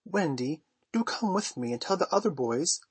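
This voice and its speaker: A man's voice: fairly high pitch, animated, moderate pace, husky, no room sound, pitched above the performer's own voice. A man reading aloud voices a cocky, sly boy who never grows up, speaking in a coaxing, wheedling way. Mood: eager.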